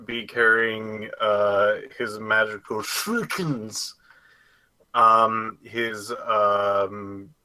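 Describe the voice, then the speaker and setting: Slow, bright-voiced male gamer. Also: fairly low pitch, no echo, poor audio. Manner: rambling, self-correcting, laughs easily. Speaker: player. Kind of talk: casual tabletop game play.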